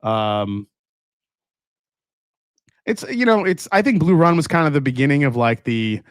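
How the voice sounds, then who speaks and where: A man's voice: fairly high pitch, sing-song, unhurried, clear, resonant tone, no echo, clean studio sound. A man hosting a casual whiskey review show, sarcastic and profane, mocking marketing copy.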